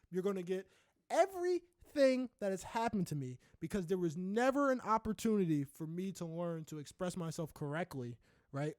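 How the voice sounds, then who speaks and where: Young guy on a podcast, kinda high voice, dry sound, cusses a lot, keeps going "right?". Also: no room sound. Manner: candid, swears freely, often tags lines with "right?"; rises into loud animated ranting. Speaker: podcast co-host. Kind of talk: casual podcast chat.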